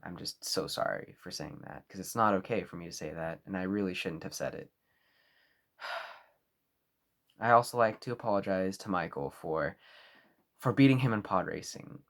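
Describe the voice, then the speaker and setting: A young man talking to camera in a mock-serious apology video, over-earnest and halting. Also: deep voice. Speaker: vlogger.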